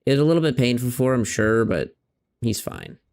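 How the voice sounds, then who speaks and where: A man's voice: medium pitch, lively intonation, normal speed, a little mellow. A man streaming a game, chatting playfully through casual let's-play commentary and stopping to talk to his pet cat.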